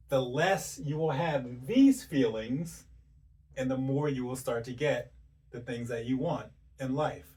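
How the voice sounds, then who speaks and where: A man giving a motivational self-help talk, speaking directly to the listener in rapid strings of rhetorical questions. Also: mid-range voice, a little mellow, far from the mic. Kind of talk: motivational monologue.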